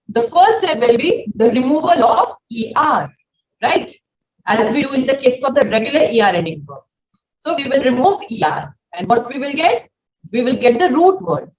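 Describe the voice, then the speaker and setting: A woman teaching a beginner French lesson, talking in a patient, repetitive way, asking questions and spelling out letters. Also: sits high. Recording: echoey, dull lo-fi room.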